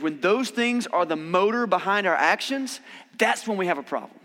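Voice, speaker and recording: A man preaching a conversational sermon, animated when he acts out quoted voices. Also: high voice. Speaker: pastor. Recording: long hall reverb.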